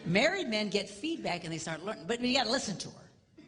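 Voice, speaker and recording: A middle-aged man giving a comedic marriage seminar, animated, acting out voices and dropping to a whisper for emphasis. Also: sits high, a little fast, long reverb tail, background noise. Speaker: seminar speaker.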